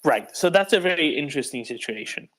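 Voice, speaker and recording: A man hosting a live audio discussion, speaking in a measured way with frequent fillers and restarts. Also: a little high, lively intonation, a bit bright. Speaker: host of online discussion.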